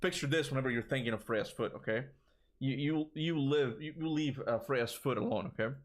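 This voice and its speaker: This is a young man, a gaming streamer with a Toronto accent, chatting casually on a livestream at a fairly quick pace and medium pitch. Tired, he rambles, keeps restarting his words, and laughs softly a lot.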